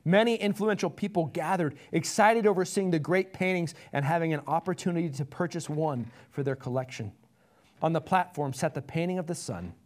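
Earnest preacher telling a story. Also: male voice, on the high side, a little fast. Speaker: pastor. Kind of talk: sermon.

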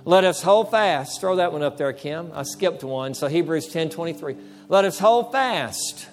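High-voiced pastor preaching emphatically. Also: male voice, expressive, a little slow, faint music behind. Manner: emphatic, repeats phrases, acts out dialogue with the devil. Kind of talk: sermon.

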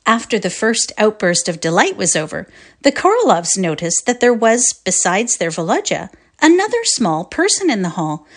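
A woman narrates a classic short story for a readers' theatre performance. Her pitch sits mid-range but moves in wide, lively swings as she shapes each sentence. The telling is expressive and unhurried.

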